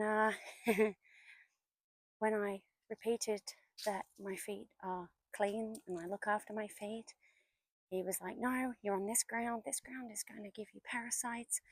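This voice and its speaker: A woman's voice: mid-range voice, dry recording, poor audio. A woman in her forties who chats and tells stories while walking outdoors through woods, now and then dropping to a whisper. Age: 40s. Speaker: vlogger. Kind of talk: casual walking vlog narration. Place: outdoors in woodland.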